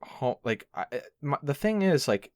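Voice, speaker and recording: A man's voice: mid-range voice, normal speed, no echo, clean studio sound. A man hosting a podcast, chatting casually with lots of hesitations and fillers. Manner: animated, hesitant with many fillers. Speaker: podcast host. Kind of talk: casual chat.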